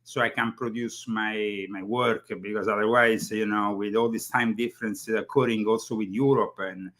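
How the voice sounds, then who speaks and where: A man being interviewed over a video call on a live show. He speaks haltingly, with many fillers and restarts. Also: lowish voice, fairly even intonation, fairly bright tone. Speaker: guest. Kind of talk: casual interview chat.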